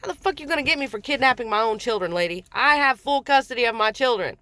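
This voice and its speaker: A woman in her forties tells her own story in a blunt, heated rush, swearing freely and acting out what others said to her. Her voice sits a little high. The recording is close and dry, with no room sound. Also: expressive, fast, bright, forceful tone, dry recording. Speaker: mother telling her story. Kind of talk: angry personal storytelling.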